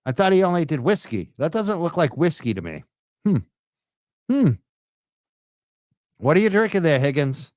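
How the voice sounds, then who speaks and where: Guy riffing sarcastic over a clip, crude jokes, pitch jumping all over, dry close sound. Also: big pitch swings, moderate pace, long pauses, dry recording. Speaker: commentator reacting to event footage. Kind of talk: mocking running commentary over a video.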